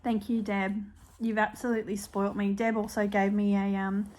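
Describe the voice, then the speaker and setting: On her own stitching channel, an Australian cross-stitch vlogger shows off her projects in casual show-and-tell chat, peppered with ums and small apologies. Her medium-pitched voice is flat and slightly mellow, moving at a moderate pace over a faint hiss or hum.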